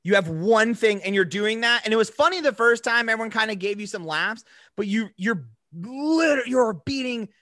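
A man's voice: high voice, moderate pace, no room sound, clean studio sound. A young man co-hosting a podcast, ranting casually with lots of profanity and laughter. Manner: profane, animated rants with frequent laughs. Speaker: podcast co-host. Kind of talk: casual chat.

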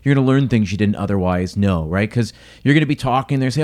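A man who works as a restaurant consultant, giving advice in an energetic, coaching way in casual conversation. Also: medium pitch, fast talker. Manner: energetic, coaching tone, quotes others.

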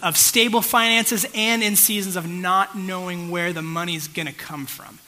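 A man preaching with a bright, forceful, somewhat high voice. He tells a personal story in an easy, chatty way and keeps checking in with the congregation. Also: low-quality recording. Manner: conversational storytelling, checks in with the audience. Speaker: pastor. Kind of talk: sermon.

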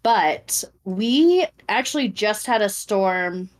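A woman's voice: mid-range voice, expressive, slow pace. A woman co-hosting a casual podcast who makes wry, joking asides. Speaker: podcast co-host. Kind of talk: casual chat.

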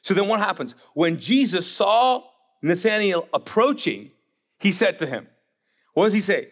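Animated pastor, man preaching. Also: sits high, normal speed. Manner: animated, acts out voices of Bible figures, joking asides. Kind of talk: sermon.

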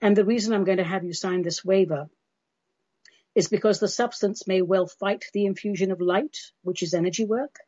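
A woman's voice: medium pitch, fairly even intonation, moderate pace, a little mellow, husky, dry recording, muffled recording. An American woman hosting a metaphysical talk show, speaking in an emphatic, frank, declarative way. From United States. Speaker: host.

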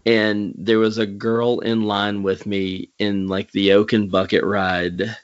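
Southern guy hosting, super slow talker, lowish voice, dull lo-fi audio. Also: little pitch movement. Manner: rambling, hesitant, laughs often. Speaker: podcast host. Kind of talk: casual interview chat.

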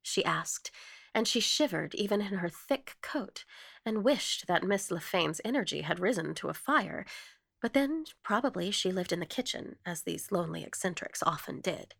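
Woman narrator for an audio ghost story, lively and bright, close and dry. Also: lowish voice, moderate pace, vocal fry, no echo. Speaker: story reader. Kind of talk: reading a ghost story aloud.

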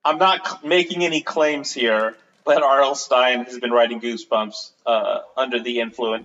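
A man's voice: medium pitch, steady tone, moderate pace, few pauses, fairly bright tone, long reverb tail, dull audio. A man co-hosting a podcast, reading a book passage aloud and chatting playfully, laughing easily. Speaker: podcast co-host. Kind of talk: casual chat and reading aloud.

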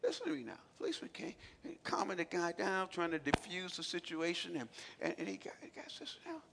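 A man preaching a sermon as pastor, shifting from quiet asides to shouted exhortation and acting out quotes with repeated filler sounds. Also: high-pitched, very animated, brisk, gravelly, noisy background. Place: church sanctuary. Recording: long hall reverb from a large church.

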